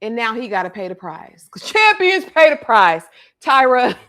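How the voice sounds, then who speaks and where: A woman co-hosting a casual livestream show review, animated and slangy, often acting out the scenes she describes. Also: fairly high pitch, normal speed. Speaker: co-host.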